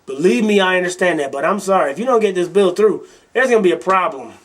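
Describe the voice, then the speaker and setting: A man's voice: high voice, expressive, fast talker. A man from Milwaukee hosting a political podcast, ranting angrily and bluntly with plenty of swearing and mockery. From Milwaukee, Wisconsin. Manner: angry, swearing, blunt and mocking. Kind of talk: profane political rant.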